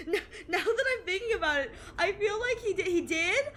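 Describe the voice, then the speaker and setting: A woman's voice: very high-pitched, animated, normal speed, fairly bright tone, soft background music. A young adult woman streaming from home, chatting casually with her viewers, giggling often and restarting her sentences. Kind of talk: casual live-stream chat with chat readers.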